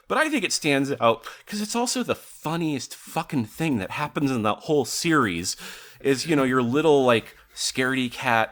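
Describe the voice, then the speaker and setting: A man's voice: medium pitch, fairly bright tone. A man co-hosting a podcast in casual chat, digressive, often laughing and swearing freely. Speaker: podcast co-host.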